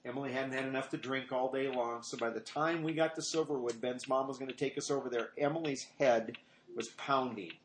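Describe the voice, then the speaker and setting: A man's voice: medium pitch, fairly even intonation, fairly quick. A middle-aged man giving an informal sermon, rambling through personal stories and acting out what people said. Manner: conversational, rambling, acts out quoted lines in a raised voice. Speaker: pastor. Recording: echoey room with faint noise.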